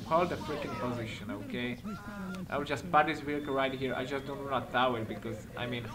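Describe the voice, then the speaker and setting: Playing as a patrol cop, a male gaming commentator talks briskly over background noise. He speaks non-native English with minor errors, sounds excitable, and keeps swearing and laughing; his voice sits in the mid range.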